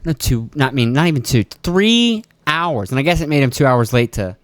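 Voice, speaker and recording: A man's voice: mid-range voice, expressive, normal speed, no room sound, clean studio sound. A young man hosting his own podcast, rambling casually with lots of swearing and chuckles. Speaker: podcast host. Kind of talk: casual solo podcast rant.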